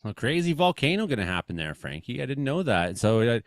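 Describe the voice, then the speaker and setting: A man with an Ottawa Valley accent hosting a live-streamed comedy weather show, joking and swinging between loud lines and mumbled asides. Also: medium pitch, very animated, brisk, few pauses, no echo.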